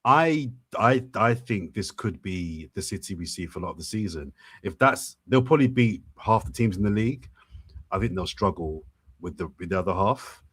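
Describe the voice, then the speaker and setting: A man co-hosting a football podcast over a remote call, putting his opinions across emphatically and thinking them through as he goes. His voice is a bit low, with a husky edge. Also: expressive, moderate pace, fairly bright tone. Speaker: podcast co-host. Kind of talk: casual football podcast chat.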